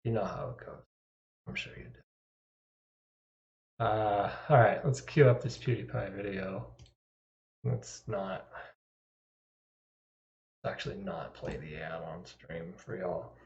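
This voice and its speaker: A man with a lowish voice chats casually on a live stream, drifting between topics with wry, self-deprecating asides. His desktop mic sounds dull and lo-fi, and the room adds a clear echo. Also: slow pace, long pauses, a little mellow. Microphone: desktop microphone.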